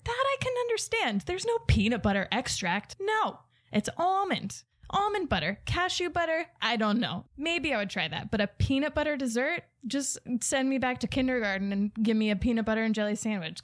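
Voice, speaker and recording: A woman guest comedian delivering an exasperated, incredulous comic rant. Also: fairly high pitch.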